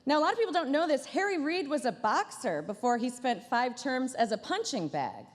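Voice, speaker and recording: Woman comic doing a roast, high and bouncy voice, deadpan sarcasm, big echoey ballroom. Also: fairly quick, noisy background. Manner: deadpan sarcastic delivery with playful asides. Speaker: comedian headlining a gala dinner. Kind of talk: stand-up roast. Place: large banquet hall.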